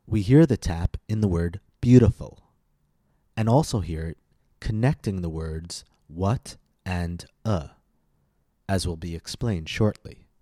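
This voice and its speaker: A man giving a scripted pronunciation lesson as a coach, speaking slowly and enunciating carefully. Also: low-pitched, mellow, no echo, clean studio sound. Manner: slow, careful, clearly enunciated. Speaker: accent coach.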